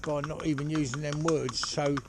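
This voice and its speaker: Man, fairly high voice, chatty horse trainer, rambling, outdoors, loud clattering hooves behind. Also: level tone, moderate pace, heavy background noise. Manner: chatty, rambling, full of "you know". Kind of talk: casual spoken instruction while driving ponies. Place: outdoors on a pony cart.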